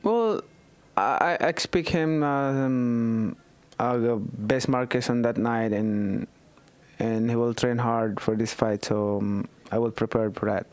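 A man from the Philippines, answering interview questions hesitantly with many pauses. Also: mid-range voice, smooth, no room sound. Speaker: boxer and politician.

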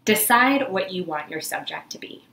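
A woman's voice: medium pitch, expressive, moderate pace, bright, forceful tone. Encouraging woman teaching an arts lesson. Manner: upbeat and encouraging. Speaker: church arts lesson host. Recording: roomy echo.

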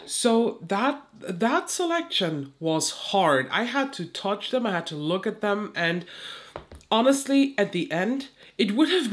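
Stuffy, nasal woman with a cold. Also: medium pitch. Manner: chatty, restarts and repeats phrases. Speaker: beauty YouTuber. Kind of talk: casual beauty review vlog.

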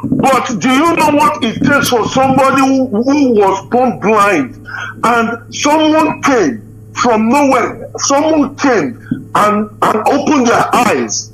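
A man's voice: extremely high pitch, sing-song, slow pace, a bit bright, soft background music, low-quality recording. A man calling into a live Q&A, deferential to the host, addressing him as sir and restarting his sentences. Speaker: caller. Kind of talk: live Q&A call-in session.

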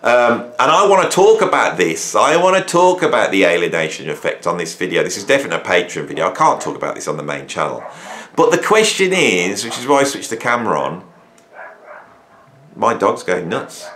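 A man talks casually to camera from a hot garage, a bit sweaty and full of energy. His voice sits on the low side, and he rambles and repeats phrases as his thoughts pile up. The garage gives his voice an echoey, roomy sound. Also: sing-song, fairly quick, a bit bright, slight background noise. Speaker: drummer and producer talking to camera. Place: home garage.

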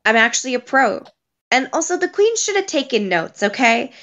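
Actress as a vain catty young woman, crude, high-ish, muffled recording. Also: big pitch swings, moderate pace, fairly bright tone, full character voice. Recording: dull lo-fi sound.

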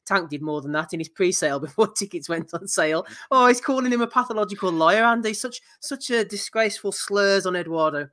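A man's voice: sits high, lively intonation, brisk, few pauses, sharp tone. A man hosting a casual boxing podcast, reading listener messages aloud and laughing. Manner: jokey, laughs while reading. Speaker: podcast host.

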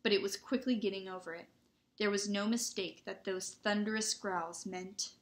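A woman reads a children's novel aloud. Her voice sits at a medium pitch and her reading is expressive and dramatic. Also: moderate pace. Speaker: audiobook reader. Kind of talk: storybook read-aloud narration.

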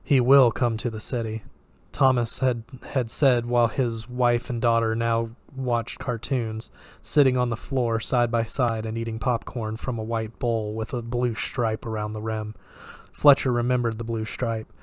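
A man narrating a thriller story aloud in a steady reading voice with small restarts. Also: medium pitch, measured pace. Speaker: story reader. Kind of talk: audiobook narration.

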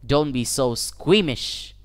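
A man voicing a slight village robber with a machete, who speaks in a soft, calm, polite way that carries quiet menace, in a storybook reading. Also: mid-range voice, takes it slowly, no echo. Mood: curt commands.

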